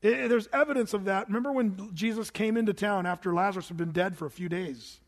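High-voiced preacher in a reverberant hall. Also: male voice, fast talker. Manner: conversational preaching with questions to the congregation and wry asides. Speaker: pastor. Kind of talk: sermon.

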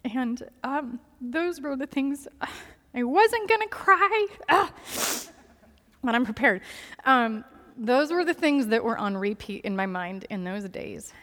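A woman telling a personal faith testimony, candid and earnest, laughing softly now and then between many fillers. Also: fairly high pitch, unhurried, in a large hall. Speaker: speaker sharing a personal testimony.

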